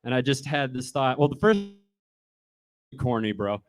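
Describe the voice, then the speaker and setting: A comedian giving a humorous eulogy in a bar, telling stories casually and swearing freely. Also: male voice, medium pitch, moderate pace.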